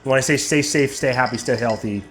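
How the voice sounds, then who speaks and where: A young man hosting his barbecue channel, chatting casually while tasting brisket and sometimes talking with his mouth full. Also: medium pitch, fairly bright tone, faint music behind. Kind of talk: casual cooking vlog, tasting and reviewing.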